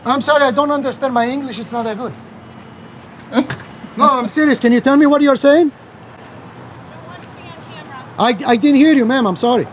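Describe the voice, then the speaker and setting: A man's voice: extremely high pitch, moderate pace, pauses often, highs cut off, slight background noise, pitched above the performer's own voice. A man putting on a Greek accent, playing a foreigner who pretends not to understand English, with feigned confusion. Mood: mock-confused. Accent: Greek (put on).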